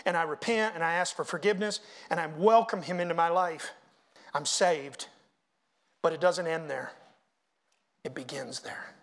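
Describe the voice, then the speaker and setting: High-voiced preaching man, hushed to loud. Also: normal speed. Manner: preaching with swings from hushed to loud, chanting hymn lines. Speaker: pastor. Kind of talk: sermon. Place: church.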